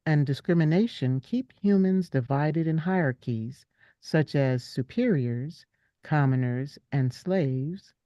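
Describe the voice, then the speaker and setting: A woman in a book club, reading a summary aloud with steady care, then chatting. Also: low voice, slow, no echo. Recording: dull lo-fi call audio.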